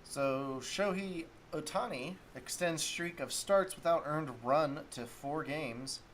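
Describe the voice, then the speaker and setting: Guy hosting a chill sports talk stream, thinking out loud while looking stuff up, faint hum behind him. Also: fairly high pitch, slow. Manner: rambling, thinks aloud while looking up stats. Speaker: sports talk show host.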